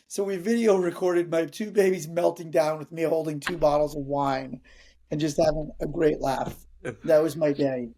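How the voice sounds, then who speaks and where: A man in his thirties, a comedian guest, telling a story in casual chat with lots of energy. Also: on the high side. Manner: energetic, acts out other people's lines.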